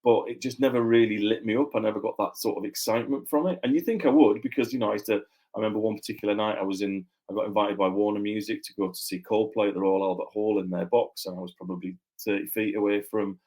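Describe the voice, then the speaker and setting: A man's voice: fairly low pitch, fairly even intonation, fast, a little mellow. A middle-aged man from Yorkshire, a podcast guest, reflecting on his career in casual, rambling talk with many fillers and restarts. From Yorkshire, England. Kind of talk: casual interview chat.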